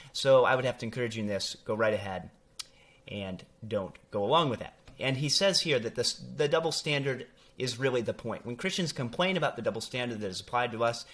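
A man in his young adult years talks through an article for his theology channel. His voice sits at an ordinary middle pitch, and he leans hard on key points, stumbling now and then with fillers and restarts. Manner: animated, emphatic, with fillers and self-corrections. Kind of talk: casual commentary reading from an article.

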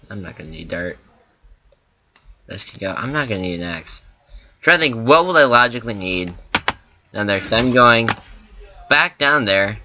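Bright, rambling young-sounding gamer guy. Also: on the low side, a little hiss or hum. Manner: rambling, thinks aloud with many fillers. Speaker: let's play host. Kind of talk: casual gameplay commentary.

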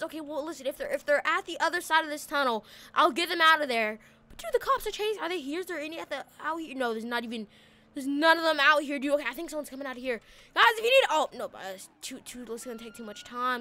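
A woman commentating a police chase in a game, frantic and panicky, often shouting and repeating herself. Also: very high voice. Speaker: gaming video creator.

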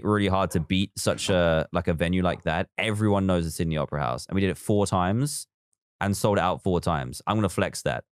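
A man streaming a building game, talking in an easy, conversational way. His voice sits low and sounds clean and resonant, recorded close and dry with no room around it. He drifts between reading out viewer messages and quietly counting as he builds. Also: smooth, no echo. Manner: chatty, reads viewer comments aloud and counts blocks under his breath. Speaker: live streamer. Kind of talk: casual live-stream chat while building in a game.

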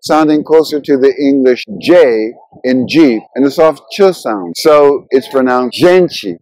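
A man hosting a language channel, narrating a scripted lesson in an explanatory way and slowing down to sound out example words. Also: on the high side, darkish tone, no room sound, poor audio.

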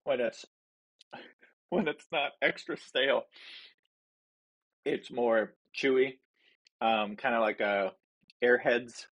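A man's voice: medium pitch, takes it slowly, pauses often, fairly bright tone. A man hosting a casual home food review vlog from his basement, rambling and poking fun at himself with lots of fillers. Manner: rambling and self-deprecating, many fillers.

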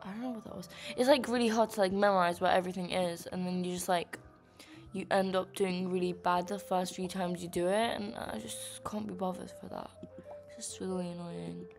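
Young woman, casual gaming vlog, chatty and filler-heavy, soft murmurs, faint music behind. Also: on the low side, fairly even intonation, brisk, vocal fry. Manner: chatty, filler-heavy, quiet murmuring while she works. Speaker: gaming vlogger. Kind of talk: casual gameplay commentary.

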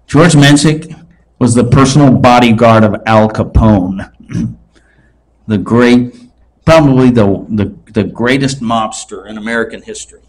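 An older preacher in his sixties delivers his sermon slowly and deliberately. His pitch sits in the middle, and he leans into his emphases. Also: vocal fry. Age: 60s.

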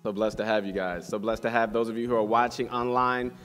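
A man's voice: lowish voice, fairly even intonation, fast. A man preaching a sermon to a congregation in a church, reading scripture and praying in a fervent, exhorting way. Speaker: pastor. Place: church hall with live congregation. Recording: long hall reverb, soft guitar behind.

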